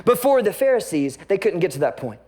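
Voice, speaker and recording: A male pastor giving a lively sermon, acting out the voices of the people in the story as he reads and explains. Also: high voice, brisk. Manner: animated, acts out the quoted voices of the story.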